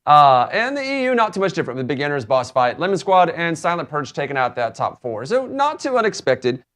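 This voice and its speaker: Host, man, chatty and rambling, fairly high voice. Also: big pitch swings, brisk, fairly bright tone. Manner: chatty, rambling, laughs a lot. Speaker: show host. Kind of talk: casual chat.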